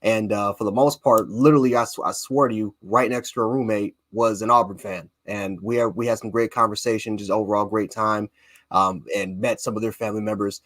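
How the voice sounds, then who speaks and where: A man from Buffalo, New York, co-hosting a casual sports talk show, excitable and rambling. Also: lowish voice, fairly quick, dry recording. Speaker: co-host, fan panelist.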